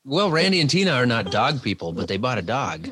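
A man's voice: mid-range voice, sing-song, brisk, pushed and bright, breathy edge, no echo, studio quality. A man hosting a podcast, chatting casually and throwing in playful jokes. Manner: joking, playful interjections. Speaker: podcast host. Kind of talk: casual chat.

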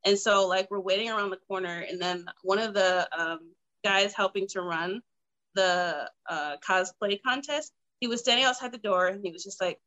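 A young woman telling a story in casual chat, animated and breathless, full of "like" and laughing asides. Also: medium pitch, moderate pace, muffled recording.

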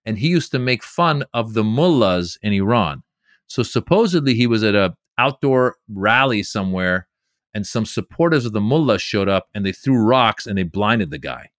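A middle-aged man, a comedian, telling lively stories in an interview and slipping into quoted voices. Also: fairly low pitch, normal speed, no echo, studio quality. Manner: animated storyteller doing quoted voices. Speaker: comedian guest. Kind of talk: storytelling interview.

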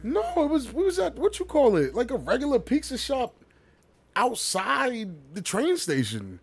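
A man tells a story on a casual podcast. His voice sits high and swings all over the place. He laughs often as he talks. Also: wildly swooping pitch, moderate pace, creaky, slightly rough. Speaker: podcast co-host. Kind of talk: casual chat.

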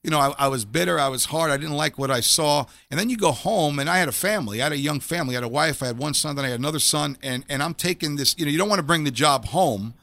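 Speaking fast with few pauses, this middle-aged man, once a police officer, shares his faith testimony earnestly in an interview. His slightly high, creaky voice sounds pushed and bright, he repeats phrases when emotion builds, and there's no echo.

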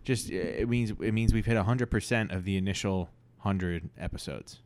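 A young man co-hosting a casual improv podcast, rambling and playful, often trailing off quietly. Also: deep voice, moderate pace, dry recording. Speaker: podcast co-host.

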